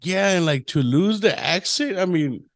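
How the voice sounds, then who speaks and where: A man's voice: sits high, lively intonation, normal speed, no echo. Laid-back jokey man hosting. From Mexican American. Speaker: podcast host. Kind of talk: casual interview chat.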